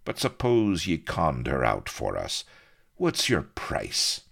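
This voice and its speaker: Casting: gruff, wary pirate captain, voiced by a man, slow and gravelly growl. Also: extremely low pitch, huge pitch swings, fairly bright tone, pitched above the performer's own voice, heavily acted. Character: grim, shrewd middle-aged male pirate captain.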